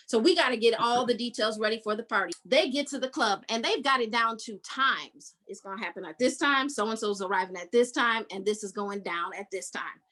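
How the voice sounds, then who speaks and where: A woman's voice: fairly high pitch, bright, forceful tone, low-quality recording. A woman podcast host recapping a book in casual chat, telling the story with energy and acting out the characters' lines.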